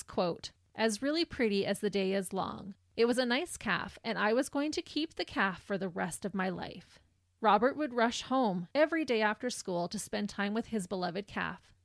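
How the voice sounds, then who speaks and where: A woman co-hosting a true crime podcast, reading the case in measured narration with a laugh now and then. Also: medium pitch, dry recording, studio quality. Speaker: podcast co-host.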